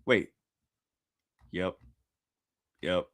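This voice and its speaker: Excitable man reacting live, voice swinging wildly. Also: lowish voice, moderate pace, pauses often. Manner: excitable, bursts into loud repeated exclamations; casual slangy talk addressed to viewers. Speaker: streamer reacting to a manga chapter.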